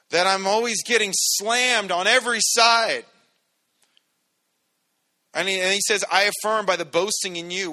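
A man's voice: high-pitched, sharp tone. A man preaching a sermon as pastor, teaching through a scripture passage in a casual way with joking asides and frequent restarts. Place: church sanctuary.

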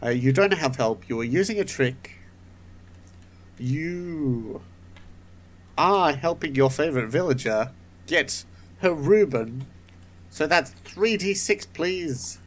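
Deadpan man running a tabletop game. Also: a little high, takes it slowly, long pauses. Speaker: game master.

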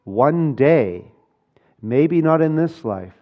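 A man's voice: mid-range voice, unhurried, narrow, tinny audio. A man preaching a sermon, earnest and building to urgent, emphatic passages. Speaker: pastor.

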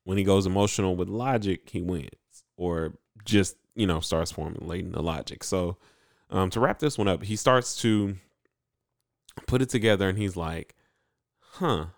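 A man's voice: deep voice, moderate pace, vocal fry, no echo, studio quality. A man co-hosting a casual podcast, recapping an anime episode in a rambling way full of likes and ums. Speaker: podcast co-host.

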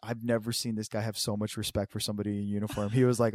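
Young man, casual storyteller, profane and animated, dry close mic. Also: rapid-fire, no room sound. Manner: animated, profane, acts out quotes with big pitch jumps.

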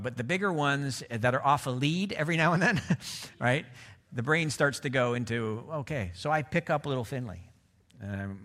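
A middle-aged man preaching a sermon in a relaxed, conversational way, often checking in with his listeners. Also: mid-range voice. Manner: conversational, asks the audience "right?". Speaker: pastor.

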